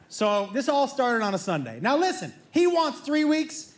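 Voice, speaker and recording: High, lively stand-up comedian on stage. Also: male voice, normal speed, few pauses. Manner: animated, acts out family members in quoted voices. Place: theater stage before a live audience. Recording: roomy live theater sound.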